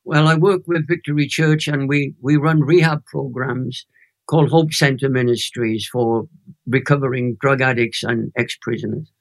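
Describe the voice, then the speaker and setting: A Welsh man in his eighties, a Christian minister telling a personal testimony as an interview guest, animated and emotional. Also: medium pitch, moderate pace. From Wales. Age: 80s.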